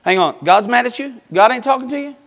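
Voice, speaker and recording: An incredulous old prophet, put on by a preacher, scoffs with mocking, raised questions in a lively, high voice. He sounds dismissive. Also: quick pace, gravelly, full character voice.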